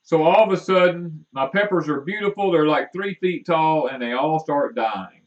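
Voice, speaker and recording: A man co-hosting a homestead live stream, talking in a folksy, rambling way, halting with fillers. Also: fairly high pitch. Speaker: homestead livestream co-host. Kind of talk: casual live-stream chat. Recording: distant mic, dull muffled sound.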